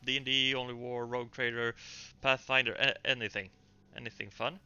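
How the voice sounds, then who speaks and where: Game master, male, mid-pitched, very bright tone, halting casual narration, lo-fi mic. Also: clean tone, no echo. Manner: relaxed, halting narration with fillers. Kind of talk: narrating a tabletop game stream.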